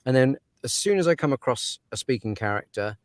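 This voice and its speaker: A man's voice: mid-range voice, animated, fairly quick, dry recording, clean studio sound. A man who narrates audiobooks, talking through his craft in a casual interview, thoughtful and given to laughs and fillers.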